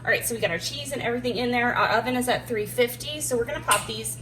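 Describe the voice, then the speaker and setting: A woman chatting casually while she cooks at home, self-deprecating and thinking out loud as she works. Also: on the high side, fast talker, background noise. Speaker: homeschooling mom cooking on camera. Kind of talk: casual cooking chat. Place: home kitchen. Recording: distant mic with clattering dishes behind.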